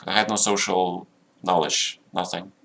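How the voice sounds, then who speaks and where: A man's voice: low voice, fairly even intonation, a little slow, vocal fry, a bit bright. A middle-aged man telling a long story on a live chess stream, checking in with listeners as he rambles, in slightly broken English. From Russia. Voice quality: slightly broken non-native grammar. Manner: rambling, keeps checking in with "yeah?".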